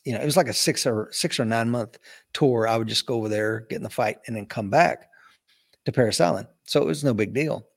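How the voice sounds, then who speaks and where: Man, interview guest, animated storytelling, voices the people he quotes, mid-pitched. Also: fairly quick, vocal fry, slightly rough. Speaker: interview guest, retired Marine officer.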